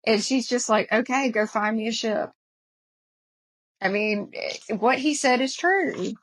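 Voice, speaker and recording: A woman's voice: fairly high pitch, a little slow, low-quality recording. A woman with a Southern American accent co-hosting a casual podcast chat, getting emotional as she quotes favorite lines. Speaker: podcast co-host.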